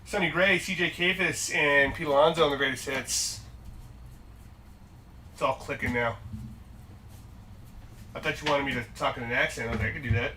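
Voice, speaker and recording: A man's voice: a little high, fairly even intonation, moderate pace, long pauses, pushed and bright, far from the mic, slight background noise. A man hosting a live-stream card break, upbeat and jokey as he rattles off the cards pulled.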